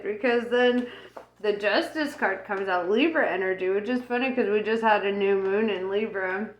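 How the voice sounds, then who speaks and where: A woman's voice: medium pitch, moderate pace. A woman giving a casual tarot reading who rambles with lots of fillers and laughs often. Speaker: tarot reader. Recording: roomy echo.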